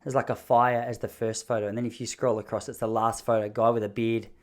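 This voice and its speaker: A young adult man hosting a podcast, telling a story casually in an animated, jokey way. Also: medium pitch, fast. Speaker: podcast host.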